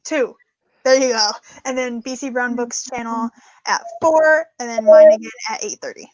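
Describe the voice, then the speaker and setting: A woman's voice: fairly high pitch, normal speed, a little mellow, dry recording, muffled recording. A woman guest streamer chatting casually, self-deprecating and laughing as she talks. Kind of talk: casual livestream chat.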